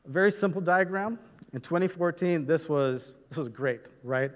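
A man's voice: on the high side, normal speed. A man giving a technical conference talk, explaining step by step with frequent fillers and "right?" checks. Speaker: conference presenter. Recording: reverberant hall.

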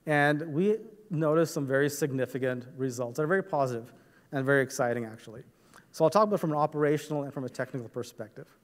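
A man's voice: medium pitch, fast talker. Man presenting in an echoing hall. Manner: explanatory, frequent "right?" and "uh" fillers. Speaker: conference presenter. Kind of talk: technical conference talk. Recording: reverberant hall.

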